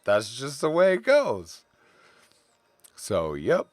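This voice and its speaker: A man's voice: medium pitch, wildly swooping pitch, slow, dry recording. A middle-aged man from California, chatting casually while he draws, rambling off into tangents and stories. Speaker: artist streaming while drawing. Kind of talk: casual chat while drawing.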